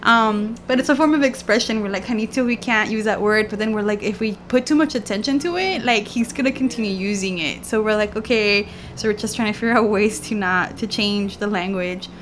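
A woman's voice: medium pitch, fairly quick, hardly any pauses, a little hiss or hum. A woman, a mother of a toddler, telling a story casually and acting out the dialogue with laughter. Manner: animated storyteller, acts out dialogue. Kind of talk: casual group chat.

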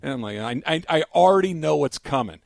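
A man's voice: fairly high pitch, fairly quick, vocal fry, no echo, clean studio sound. A middle-aged man co-hosting a casual sports talk show, telling stories and laughing often. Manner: laughs often, animated storytelling. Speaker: co-host. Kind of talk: casual sports radio banter.

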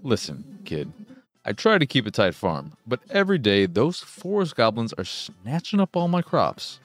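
A man voicing a gruff, impatient farmer with a goblin problem, blunt and no-nonsense. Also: medium pitch, wildly swooping pitch, moderate pace, dry recording, soft background music.

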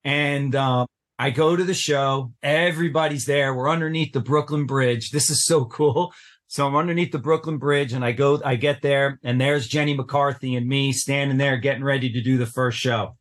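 A middle-aged man sits as a guest and tells a deeply personal story with earnest intensity. His voice sits at an ordinary pitch for a man. He leans into the telling and acts out the people he quotes. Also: steady tone, moderate pace. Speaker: podcast guest.

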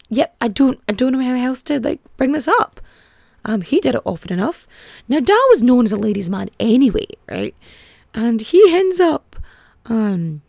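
A woman's voice: fairly high pitch, vocal fry, dark tone, no echo, clean studio sound. A woman hosting a casual comic history podcast, chatty and irreverent, with frequent swearing and filler words. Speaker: podcast host.

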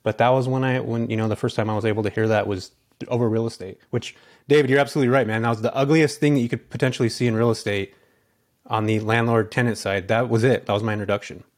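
A man's voice: mid-range voice, steady tone. A man talking casually as an interview guest, a chatty storyteller from California. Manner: fast, chatty storyteller with many fillers. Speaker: guest, real estate investor.

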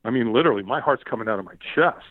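Male guest, animated storyteller with a lively, swinging pitch, recorded over a dry, tinny phone-like line. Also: racing, dry recording. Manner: lively, acts out quoted shouts, repeats words. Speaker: podcast guest.

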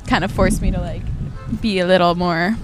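A woman's voice: on the low side, steady tone, over music. A young woman in her twenties co-hosting a casual podcast, telling stories in a laid-back way and laughing often. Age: 20s. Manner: giggly storyteller, laid-back and slow. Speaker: podcast co-host. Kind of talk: casual chat.

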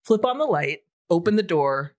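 A woman in her forties telling a story in casual podcast chat, animated and swearing freely. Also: fairly low pitch, normal speed. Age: 40s. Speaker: podcast co-host.

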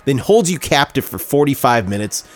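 A man's voice: medium pitch, sing-song, moderate pace. A man co-hosting a music podcast, reading his album reviews with dry jokes. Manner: dry joking, reads prepared reviews. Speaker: podcast co-host. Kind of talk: casual music podcast chat.

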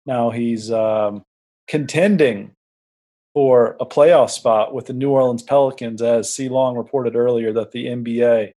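A man co-hosting a sports podcast, talking in a measured, hesitant way. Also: mid-range voice, steady tone, dark tone. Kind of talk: casual sports chat.

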